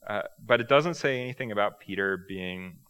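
A male pastor giving a casual, conversational sermon, firing off rhetorical questions and poking fun at himself. His voice sits low but rings bright and forceful. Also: normal speed, clean tone.

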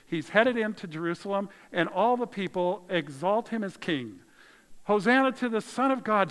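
Animated male pastor preaching in a hall. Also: high-pitched. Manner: animated, conversational preaching with dramatic shifts in volume. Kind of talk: sermon.

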